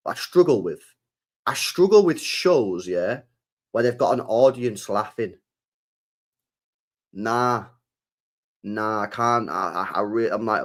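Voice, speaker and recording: A man's voice: on the low side, lively intonation, measured pace, long pauses. A young man streaming live, reading chat and answering in a slangy, laid-back way, repeating himself and swearing freely.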